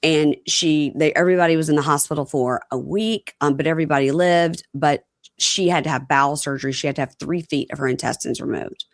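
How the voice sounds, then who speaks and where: A woman's voice: sits low, fairly quick, no echo, studio quality. A woman co-hosting a podcast, chatting casually as she recaps a reality show and acts out quotes. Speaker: podcast co-host. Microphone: home computer mic over a call.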